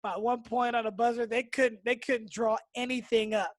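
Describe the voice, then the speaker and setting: Relaxed male podcast host, dry close sound. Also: very high voice, normal speed, dry recording. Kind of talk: casual interview chat.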